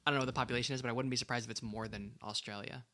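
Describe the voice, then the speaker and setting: A man's voice: medium pitch, fairly even intonation, very fast, a crowd in the background. A man co-hosting a podcast in casual chat, rambling and hesitant with lots of fillers. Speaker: podcast co-host.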